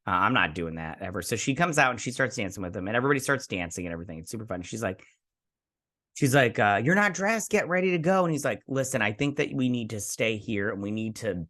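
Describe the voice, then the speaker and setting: A man's voice: on the low side, fast, sharp tone. A young man hosting a show, casually retelling a TV episode in a rambling way, quoting characters as he goes. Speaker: show host.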